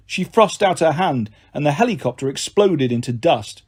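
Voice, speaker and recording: Husky, expressive male audiobook narrator. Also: a little high, normal speed, few pauses. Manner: expressive, dramatic delivery. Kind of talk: scripted first-person audiobook narration.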